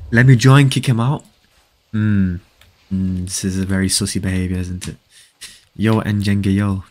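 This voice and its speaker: This man streams a game live and talks casually with his viewers, getting excitable and often repeating phrases as he reads the chat aloud. His voice sits at a medium pitch.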